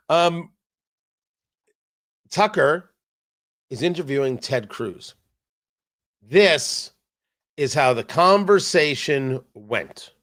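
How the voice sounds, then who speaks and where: Male talk show host doing a political rant, sarcastic and jokey, voice goes high and swings all over. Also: fairly bright tone. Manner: sarcastic, emphatic, jokey asides. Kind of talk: political commentary monologue.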